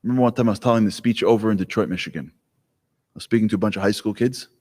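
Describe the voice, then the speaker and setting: Brief: lively male speaker, storytelling with jokes, live talk, long reverb of a hall. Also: fairly low pitch, fast talker. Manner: animated, joking storyteller. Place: hall with an audience.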